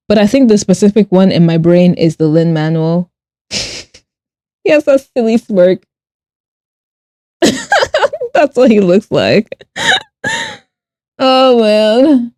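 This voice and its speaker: A woman streams casually while she draws, reading her chat aloud in a mellow, warm voice. She is animated and quick to laugh, and she swears bluntly when something annoys her. The sound is dry and close, with no room echo. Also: medium pitch. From Nigeria and Ireland. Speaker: streamer and artist.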